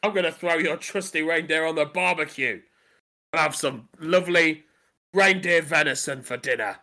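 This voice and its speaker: A man's voice: high voice, lively intonation, normal speed, vocal fry, bright, forceful tone, heavily acted. A man voicing a brash, boastful pub landlord who blusters and insults people, improvised in a role-play game. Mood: rude.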